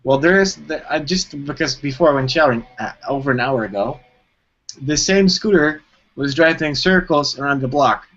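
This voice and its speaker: A man co-hosting a live web show rambles through casual chat, full of fillers and restarts. His fairly high, animated voice has a fairly bright tone at a moderate pace, and the stream audio is dull and lo-fi.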